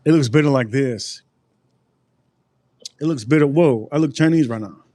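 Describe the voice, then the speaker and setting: A man hosts a casual live stream, talking to his chat about food. He rambles and repeats words as he goes. His mid-pitched voice sounds close and dry. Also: moderate pace, warm tone, no room sound. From United States.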